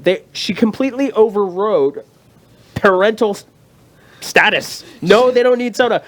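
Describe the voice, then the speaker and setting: A man's voice: high-pitched, normal speed. A man in his thirties, co-hosting a casual chat show and telling a story while acting out the people in it. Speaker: co-host.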